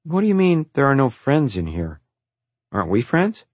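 A wide-eyed, eager young boy who keeps asking questions about his new home, as a man puts him on in a higher voice. There is a husky grain underneath, recorded dry and close. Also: wildly swooping pitch, normal speed, no echo. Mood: puzzled. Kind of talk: audiobook character voice.

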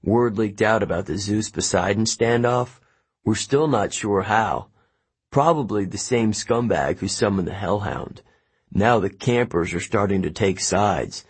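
A man's voice: on the low side, a little slow, slightly rough. A man voicing a friendly but worried teenage boy camp counselor, speaking earnestly under tension. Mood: tense.

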